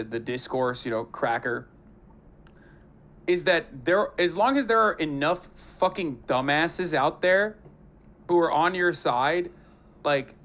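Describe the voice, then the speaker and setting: A man streaming live, reacting to clips with profane, animated commentary and mocking impressions. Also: fairly high pitch. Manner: profane, animated, mocks voices.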